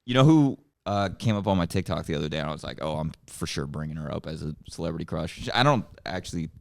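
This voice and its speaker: A man's voice: extremely low pitch, lively intonation, quick pace, gravelly. A young man co-hosting a podcast, chatting casually and stumbling over his words as he explains himself. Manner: hesitant, stumbles and restarts when explaining himself. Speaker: podcast co-host. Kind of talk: casual chat.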